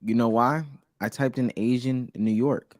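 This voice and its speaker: A man's voice: mid-range voice, steady tone, unhurried, darkish tone, dry recording. A man joining a podcast as a guest, talking wryly with jokes and laughter. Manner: wry, joking, laughs between remarks. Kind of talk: casual podcast chat.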